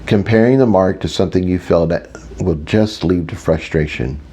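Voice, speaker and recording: A man's voice: low-pitched, normal speed, mellow, husky. A man voicing his own analytical inner voice in an audiobook, firm and cautioning.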